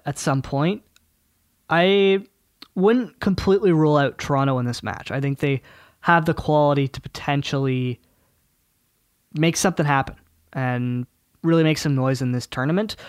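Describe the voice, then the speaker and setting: A man's voice: a little high, no echo, clean studio sound. A man hosting a casual sports podcast, steering the talk and stressing his points emphatically. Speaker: podcast host.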